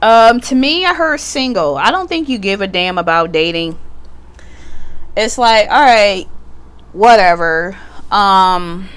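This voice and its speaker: A woman's voice: mid-range voice, expressive, slow pace, a bit bright, clean tone. A woman giving a casual tarot reading at home, chatty and blunt, swearing freely and laughing often. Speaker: tarot reader. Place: at home, sitting back in a computer chair.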